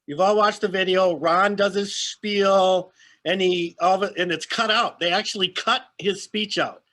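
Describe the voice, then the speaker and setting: A man's voice: high voice, steady tone, normal speed, bright, forceful tone. A man hosting a casual panel talk, retelling stories and prompting his guest. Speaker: host.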